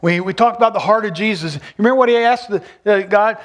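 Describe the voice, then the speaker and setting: A man's voice: high voice, quick pace, hardly any pauses. A man preaching a sermon as pastor, retelling a gospel story and asking his listeners questions. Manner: storytelling, asks the congregation questions.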